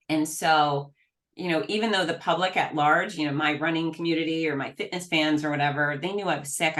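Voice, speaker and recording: A middle-aged woman with a notably low voice speaks as an interview guest. Her delivery is earnest and emphatic. She often restarts phrases in quick succession. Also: fairly bright tone. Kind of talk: candid interview talk.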